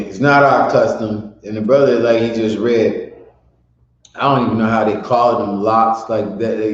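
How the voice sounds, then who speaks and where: A man leading a class in a blunt, profane, rambling way. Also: medium pitch. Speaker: teacher. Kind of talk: casual spoken class. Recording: echoey room, dull lo-fi sound.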